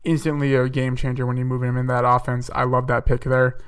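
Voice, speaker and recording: A man's voice: mid-range voice, completely flat delivery, a little fast, clear, resonant tone, far from the mic. A young man hosting a podcast, talking casually through his picks and thinking aloud with fillers and self-corrections. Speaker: podcast host. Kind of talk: casual solo mock-draft commentary.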